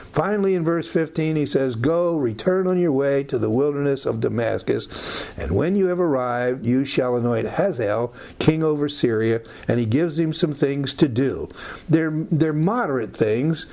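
A man's voice: medium pitch, vocal fry, a little mellow. A man teaching through a Bible passage in a conversational way, with many fillers and side remarks.

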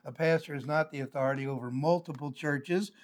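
Older pastor teaching in a measured way. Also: male voice, a little high. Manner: measured, explanatory, with frequent "uh" fillers. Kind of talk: live-streamed Bible teaching.

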